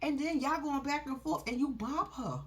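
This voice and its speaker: A woman giving casual, animated commentary on a reality show, laughing often and swearing freely. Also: high voice, normal speed. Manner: animated, laughing, profane, sassy.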